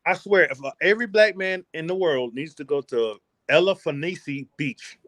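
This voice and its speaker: A man from the United States, a podcast guest and travel vlogger, talking in a casual interview with boastful, animated, slangy storytelling. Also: fairly high pitch, normal speed, no echo.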